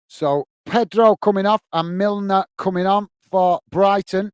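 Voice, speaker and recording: A man's voice: sits high, steady tone, unhurried, clear, resonant tone, no echo. A man hosting a live football watch-along, chatting casually between match commentary and reading viewers' messages, with rambling self-corrections and a friendly "mate" manner.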